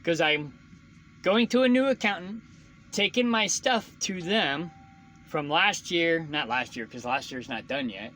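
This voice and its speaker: A man's voice: fairly high pitch, lively intonation, measured pace, sharp tone, a little hiss or hum, low-quality recording. A man venting casually to the camera, frustrated and swearing often as he rants. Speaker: truck driver vlogger.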